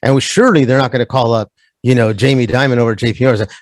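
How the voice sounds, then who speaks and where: A man's voice: medium pitch, fairly even intonation, very fast, no room sound. A man who is a guest on a casual podcast, talking animatedly and slipping into mocking voices of other people.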